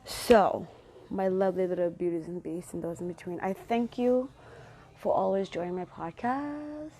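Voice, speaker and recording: A woman's voice: on the low side, normal speed, warm tone. A woman hosting her own podcast, talking casually and affectionately to her listeners with pep-talk encouragement. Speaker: podcast host. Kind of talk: casual solo podcast monologue.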